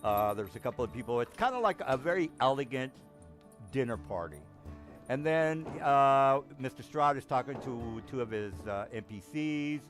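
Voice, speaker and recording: A man narrating a tabletop game as game master, halting with many ums and restarts. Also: mid-range voice, expressive, fairly bright tone, soft background music.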